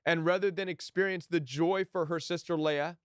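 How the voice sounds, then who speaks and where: A man's voice: a little high, steady tone, moderate pace, clean tone, no room sound, studio quality. A man teaching a Bible passage in a sermon style, earnest and emphatic, briefly acting out the people he quotes.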